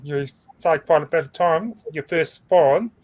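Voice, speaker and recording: A man's voice: on the high side, unhurried, a little mellow. A man co-hosting a casual livestream over a video call, talking through team standings and stumbling over names. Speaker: co-host reading team standings.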